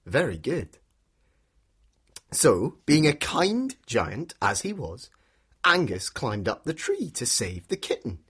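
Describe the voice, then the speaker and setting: A man narrating an interactive story for children, playful and animated, inviting listeners to join in with actions and sounds. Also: mid-range voice, slow, breathy edge.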